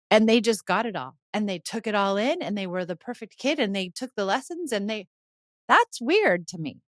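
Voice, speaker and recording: A woman's voice: medium pitch, dry recording, studio quality. A woman hosting a parenting podcast, talking through her views in an earnest, conversational way and slipping into little acted-out lines from parents and kids. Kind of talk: reflective solo talk.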